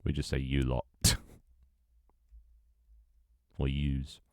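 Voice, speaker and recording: Very deep-voiced British young man streaming. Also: completely flat delivery, drawn-out words, no echo, studio quality. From Britain. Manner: chatty, reads chat aloud, swears, laughs often. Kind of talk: casual live-stream chat.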